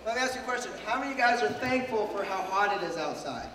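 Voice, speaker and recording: A man's voice: high-pitched, animated, racing, heavy background noise. A man who is losing his voice, giving a devotional talk to a group of young people, telling a story and asking the crowd questions. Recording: echoey hall, speaker far from mic.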